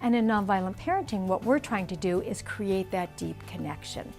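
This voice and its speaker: A middle-aged woman teaches in a calm, explanatory way, sometimes acting out the phrases people say. Her voice sits at a middle pitch. Faint music plays underneath. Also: normal speed, creaky. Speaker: parenting instructor. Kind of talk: instructional video talk.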